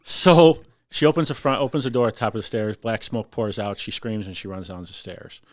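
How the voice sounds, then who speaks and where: Veteran fire lieutenant, fairly low voice, lively storyteller; dry studio sound. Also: male voice, fairly quick, no room sound. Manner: animated, acts out voices in his story. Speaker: firefighter lieutenant guest. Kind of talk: casual storytelling on a podcast.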